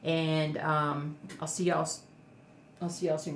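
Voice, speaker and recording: A woman's voice: low voice, flat delivery, measured pace, reverberant, a little hiss or hum. A woman chatting casually to camera at home, rambling with lots of fillers and cooing at her dog. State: emotional, near tears. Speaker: cross stitch vlogger. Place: indoors at home.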